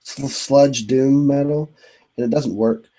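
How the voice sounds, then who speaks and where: A congested man hosts a loose video-call chat with a dark, mellow tone. He talks in a laid-back way, swearing and laughing easily. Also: mid-range voice, fairly even intonation, a little slow, poor audio. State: congested from a cold. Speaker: host of an online video hangout. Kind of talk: casual chat.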